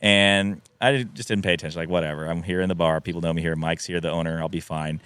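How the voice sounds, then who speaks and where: Low-voiced man telling a fast story. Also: smooth, no room sound. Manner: animated storyteller, acts out quotes, laughs often. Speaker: podcast guest. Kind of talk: casual storytelling. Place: podcast studio.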